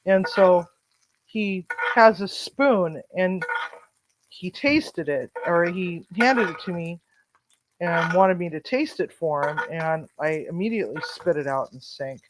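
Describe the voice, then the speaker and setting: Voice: mid-range voice, unhurried, pauses often. A home cook hosting a cooking vlog, telling a story bluntly and animatedly and swearing freely, in a home kitchen. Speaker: home cook and channel host. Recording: noisy home recording.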